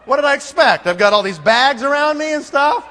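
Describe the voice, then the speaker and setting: A man at a conference telling a funny story with lots of life, doing little voices for everyone in it. His voice is high and bright, and a long reverb from a large hall trails behind it. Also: a little fast. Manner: animated, acts out every character. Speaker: conference speaker. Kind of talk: comic storytelling.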